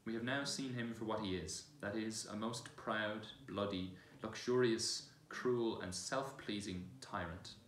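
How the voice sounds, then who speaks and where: A man's voice: on the low side, unhurried, hardly any pauses, fairly bright tone. A man voicing a grave, stern young king who speaks in formal, old-fashioned phrases, in a roomy church from far off.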